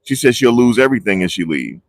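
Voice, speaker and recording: A man vlogging live outdoors, talking in a rambling, excitable way and losing his train of thought. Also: mid-range voice, fast, no echo, studio quality. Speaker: vlogger reporting on a trial. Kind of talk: live casual street commentary. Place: outdoors outside a courthouse. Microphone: phone on a handheld gimbal.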